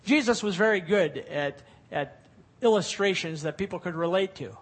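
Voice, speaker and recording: A middle-aged man preaching from the pulpit in a notably high voice. He reads scripture aloud and then explains it, pressing his points with growing emphasis. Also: moderate pace. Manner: expository preaching with scripture reading, rising emphasis. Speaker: pastor. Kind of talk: sermon.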